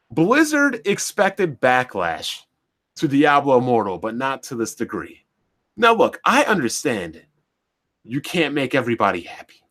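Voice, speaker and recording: Animated man ranting with rhetorical questions. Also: mid-range voice. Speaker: commentary channel host. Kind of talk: opinion rant to camera.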